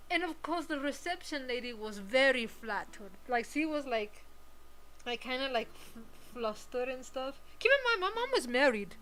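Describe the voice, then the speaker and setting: Young woman, high bright voice, swearing and laughing while she tells a story on stream. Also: normal speed, rough recording. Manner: animated, profane, laughs through her stories. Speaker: artist streaming a drawing session. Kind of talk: casual storytelling chat.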